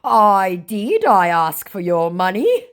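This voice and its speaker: A woman's voice: mid-range voice, wildly swooping pitch, slow pace, pitched above the performer's own voice. A woman voicing a pushy male online scammer who speaks blunt, broken English.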